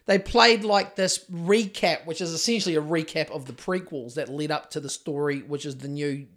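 A man's voice: on the high side, moderate pace, fairly bright tone. A man with a New Zealand accent, co-hosting a podcast in casual chat, rambling and swearing freely as he tells stories. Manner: profane, rambling storyteller. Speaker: podcast co-host.

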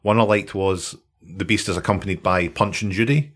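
A man's voice: low-pitched, fairly even intonation, moderate pace, breathy edge. A Scottish man hosting a podcast, telling a story in a jokey, sweary way and laughing often. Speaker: podcast host. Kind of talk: casual chat, storytelling.

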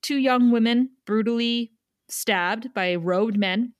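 With a voice on the high side, this podcast co-host gives a chatty recap of an episode, tossing in quick asides. The studio sound is clean, with no room sound.

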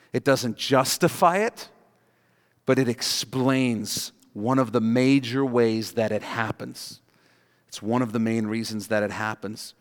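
A man delivers a sermon with emphatic, story-driven preaching, punching key words. His voice sits at an ordinary pitch. The sound carries a long reverb from a big church hall. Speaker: pastor.

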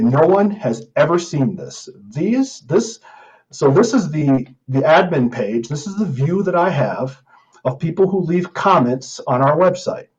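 A man with a fairly high voice hosts a podcast monologue in an indignant, emphatic manner. He reads comments aloud and answers them point by point. The sound is somewhat dull and lo-fi. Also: a little mellow. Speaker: podcast host.

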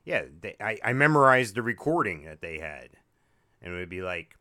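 A man's voice: fairly low pitch, sing-song, normal speed, sharp tone. A man co-hosting a casual podcast chat, joking and wry, rambling through restarts. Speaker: podcast co-host.

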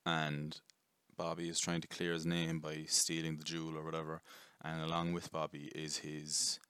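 A man's voice: a bass voice, completely flat delivery, normal speed, pushed and bright, clean tone. A young man rambling casually through a jokey film review, swearing and correcting himself often.

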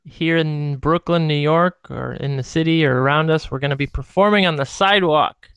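A man's voice: on the high side, moderate pace, fairly bright tone, clean tone, no echo. A man co-hosting a podcast, telling rambling, laid-back stories in casual chat, full of fillers. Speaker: podcast co-host.

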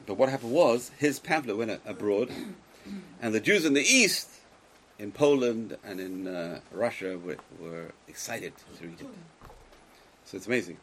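A Torah teacher lectures a live class emphatically, with a lowish, animated voice at normal speed, swinging between loud exclamations and quiet asides and putting questions to his students. The recording is low quality, with slight background noise.

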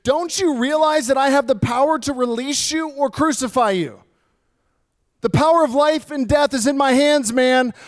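A preacher putting on a desperate pleading governor. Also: male voice, very high-pitched, moderate pace, voice pushed up. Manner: urgent, pleading. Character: pleading desperate Roman governor, adult man.

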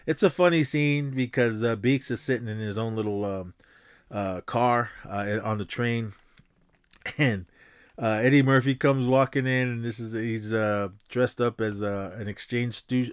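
A man hosting a podcast, casually recapping a film in a rambling, halting way, with lots of fillers and restarts and the odd chuckle. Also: mid-range voice, clear, resonant tone, no room sound, studio quality. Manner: chuckles while retelling. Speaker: podcast host.

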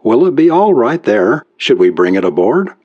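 A man's voice: medium pitch, sing-song, moderate pace. A man voicing a frightened young woman stranded on a yacht at night, speaking in anxious, urgent questions. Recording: muffled lo-fi recording.

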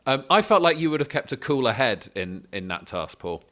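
A man's voice: medium pitch, sing-song, fairly quick, sharp tone. A man hosting a casual podcast chat, teasing and chatty, with lots of filler sounds. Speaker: podcast host.

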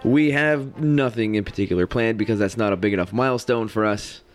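A man's voice: on the low side, a little fast, faint music behind. Joking male beer podcast host. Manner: joking, upbeat. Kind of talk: casual chat.

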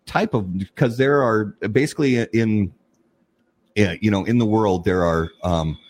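A man co-hosting a casual talk show, explaining at length in an emphatic, animated way with frequent restarts. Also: lowish voice. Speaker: podcast co-host. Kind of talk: casual chat.

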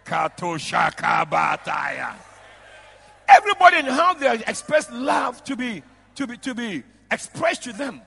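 A man, a bishop preaching a lively sermon in a large church, shouting out to the congregation and breaking into laughter. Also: very high voice, normal speed, gravelly, breathy edge, a faint crowd. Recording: long reverb of a church hall.

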